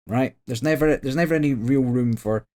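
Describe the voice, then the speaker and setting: A man's voice: mid-range voice, brisk, mellow. A man co-hosting a board game podcast, chatting casually and hesitantly with frequent ums and repeated words. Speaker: podcast co-host. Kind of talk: casual chat.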